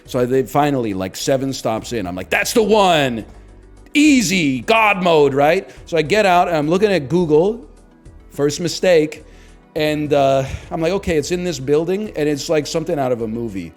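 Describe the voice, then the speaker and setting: A man's voice: a little high, lively intonation, brisk, darkish tone, soft background music. A man in his thirties telling a rambling, profane, self-deprecating story in casual stream chat. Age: 30s.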